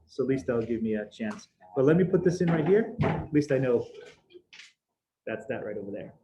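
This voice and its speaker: Animated and at a moderate pace, this mid-range-voiced man runs an algebra lesson live on a video call. His explanations are upbeat and casual, sprinkled with slang, and the echoey room carries faint noise.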